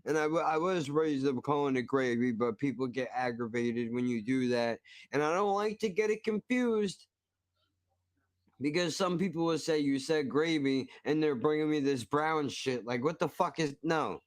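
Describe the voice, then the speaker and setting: A man's voice: on the high side, moderate pace, dry recording, studio quality. A man hosting a stream, reacting to a cooking video with profane, mock-outraged ranting. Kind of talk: casual reaction commentary.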